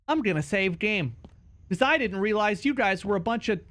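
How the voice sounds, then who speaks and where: A man giving live commentary as he plays a game, talking to himself and his chat and yelping and shouting when something startles him. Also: high voice, expressive, moderate pace. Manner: talks to himself and to chat while playing. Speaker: streamer.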